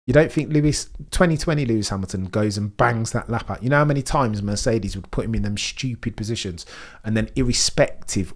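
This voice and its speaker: A young British man commentating a live race session for a stream, reacting to chat and swinging between loud excitement and deflated muttering. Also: on the low side. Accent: British English. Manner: reads and answers chat. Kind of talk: live watch-along commentary.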